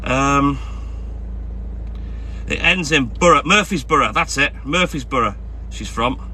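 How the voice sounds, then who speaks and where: A man's voice: medium pitch, animated, a little slow, bright, forceful tone, a little hiss or hum. A man chatting casually on a live stream, greeting viewers by name. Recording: music playing in the background. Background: music.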